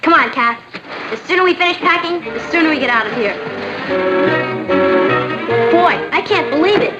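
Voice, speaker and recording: A teenage girl in a sitcom, bubbly and excitable. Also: very high voice, moderate pace, dull audio, over loud music. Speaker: teenage daughter. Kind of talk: sitcom acting.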